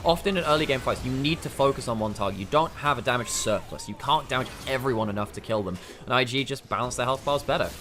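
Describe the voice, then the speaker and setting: An English man commentating a live esports match, breaking down plays with quick analysis and dry humour. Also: medium pitch, background noise. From England.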